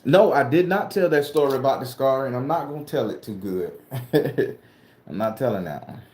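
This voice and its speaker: A man's voice: mid-range voice, lively intonation, normal speed, darkish tone, reverberant. A man from southern Florida, a spooky-story vlogger and tarot reader, ranting bluntly and profanely to camera. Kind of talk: casual ranting monologue to camera.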